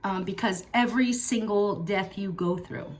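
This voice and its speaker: A woman's voice: mid-range voice, normal speed. A middle-aged woman talking earnestly and from the heart to her viewers in a personal vlog, with emphatic repeats and casual fillers. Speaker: vlogger. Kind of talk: personal talk to camera.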